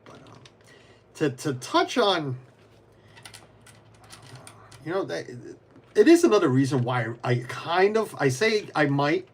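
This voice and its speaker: A man streaming casually speaks slowly with long pauses, his high-leaning voice swinging widely in pitch. He answers viewers by name, rambles and restarts a lot, and mutters to himself as he fiddles with pieces while building.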